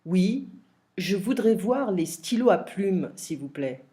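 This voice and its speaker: A woman's voice: mid-range voice, lively intonation, unhurried, dark tone, lightly acted. A woman voicing a polite male customer in a textbook shop dialogue, making hesitant requests.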